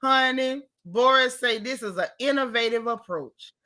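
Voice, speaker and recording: A woman's voice: a little high, normal speed, bright, forceful tone. A woman hosting a casual livestream chat, reading viewer comments aloud and answering them with sassy, emphatic commentary. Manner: addresses viewers by name.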